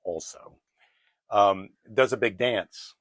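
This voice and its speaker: A man's voice: fairly low pitch, takes it slowly, a bit bright, no echo. A man hosting a casual chat, retelling a Bible story in an irreverent, jokey way. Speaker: show host.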